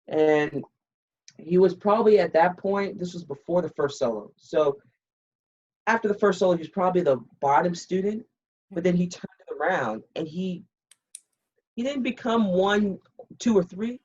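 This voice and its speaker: A husky, somewhat low voice at normal speed belongs to a woman in her fifties, a retired military pilot. She tells her podcast story candidly and bluntly, animatedly quoting dialogue in casual interview fashion. The recording is a bit muffled and dull.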